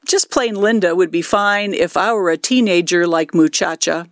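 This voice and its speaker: Older woman, 60s, alto, clear instructional delivery, dry close recording. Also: lowish voice, dry recording. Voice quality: alto speaking voice. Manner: clear, measured, explaining step by step. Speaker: lay worship leader doing puppet ministry. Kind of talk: instructional talk.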